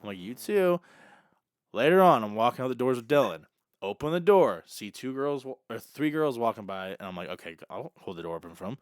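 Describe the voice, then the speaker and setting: A young man co-hosting a podcast, telling an animated story and acting out the dialogue in casual chat. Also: medium pitch, fast talker, smooth, dry recording, studio quality. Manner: animated, acts out quoted dialogue. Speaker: podcast co-host.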